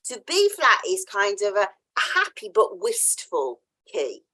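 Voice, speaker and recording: A woman's voice: mid-range voice, huge pitch swings, measured pace, sharp tone. A woman hosting a podcast interview, chatting casually and telling a story, acting out the voices she quotes and laughing often. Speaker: podcast host.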